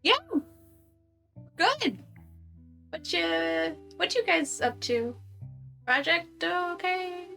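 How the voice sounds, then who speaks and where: A woman voicing a peppy, preppy, excited teenage girl who speaks eagerly. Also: very high-pitched, very slow, gravelly, pauses often, faint music behind, pitched above the performer's own voice, full character voice. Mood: awkward.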